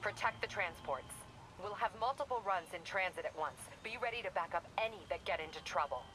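A woman's voice: fairly low pitch, lively intonation, fairly quick, fairly bright tone, slight background noise, rough recording. An actress playing a tough female police captain who gives clipped, commanding orders in a video game.

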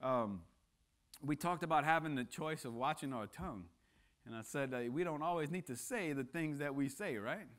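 A man's voice: a little high, moderate pace, fairly bright tone. A man speaking as a guest at church, preaching a casual sermon that mixes jokes with earnest appeals and frequent restarts. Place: church sanctuary.

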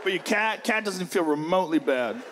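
A man performing a stand-up routine on stage, loud and profane, acting out the animals in his bits. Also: sits high, lively intonation, moderate pace, very noisy. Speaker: stand-up comedian. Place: comedy stage before a large audience. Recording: live show with loud crowd. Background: loud audience laughter.

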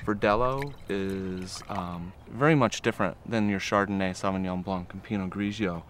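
Low-voiced man describing wines. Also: moderate pace, slight background noise. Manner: hesitant, with ums. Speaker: wine presenter at a tasting.

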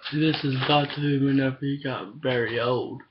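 A man's voice: mid-range voice, steady tone, moderate pace. A man in casual webcam chat, rambling and profane, recorded on a webcam mic. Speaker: vlogger. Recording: dull lo-fi webcam audio, faint hiss.

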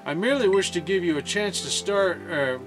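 A man's voice: high voice, brisk, over music, lightly acted. A man reading aloud the lines of a formal older male school director, stumbling over a word now and then. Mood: earnest.

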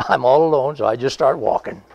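A man's voice: medium pitch, fairly quick, gravelly, a little mellow, dry recording, highs cut off. A man in his nineties, a veteran being interviewed, telling a rambling, folksy story with chuckles and reenacted dialogue. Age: 90s. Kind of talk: conversational oral history storytelling.

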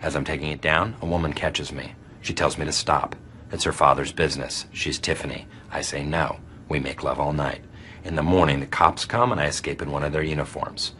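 A man telling a comic crime story in short, deadpan, clipped sentences. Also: extremely low pitch, brisk, slight background noise.

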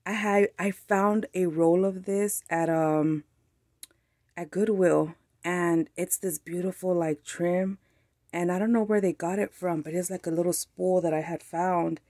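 A woman's voice: fairly low pitch, measured pace, dry recording. Gushing crafter woman, dry close sound. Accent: Mexican-American. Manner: gushing, excited, frequent laughs. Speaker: craft channel host. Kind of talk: casual unboxing chat.

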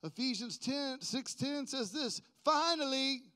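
A man preaching a sermon, swinging from quiet talk to loud, drawn-out proclaiming, with playful jokes to the congregation. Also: high-pitched.

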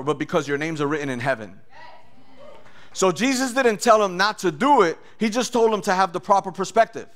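A man preaching a sermon as a pastor and sharing his testimony, animated and acting out voices with loud bursts. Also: sits high, fairly quick.

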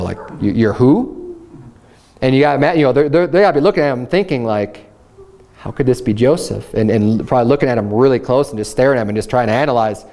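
A man's voice: medium pitch, darkish tone. A man preaching a sermon in a loose, conversational way, often restarting his sentences. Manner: conversational Bible teaching with frequent restarts and "you know". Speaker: pastor.

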